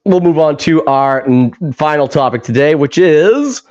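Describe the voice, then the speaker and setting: A man's voice: on the high side, animated, a little slow, a little mellow, dull audio. A man co-hosting a casual podcast chat. He laughs a lot, swears freely and acts out movie scenes as he retells them. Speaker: podcast co-host.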